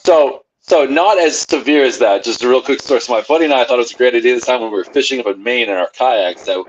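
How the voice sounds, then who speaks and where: A man's voice: mid-range voice, quick pace. A man co-hosting a podcast, telling an easygoing, self-deprecating anecdote in casual chat. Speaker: podcast co-host. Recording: dull lo-fi mic with faint hiss.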